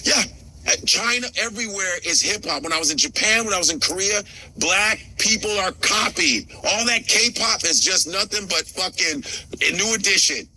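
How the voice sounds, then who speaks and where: A man, a talk show guest, chatting casually and swearing freely as he acts out the voices of people in his stories and laughs loudly. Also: sits high, normal speed. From United States. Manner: animated and profane, acts out voices, laughs a lot. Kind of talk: casual chat, storytelling.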